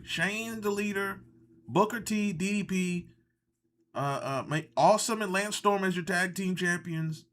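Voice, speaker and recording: A man hosting a live stream, reacting in a loose, rambling way, sarcastic and quick to swear. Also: high-pitched, fairly bright tone. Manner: ranting, sarcastic, swears often, rambling asides. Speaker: livestream host reacting to wrestling. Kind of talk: casual live reaction commentary.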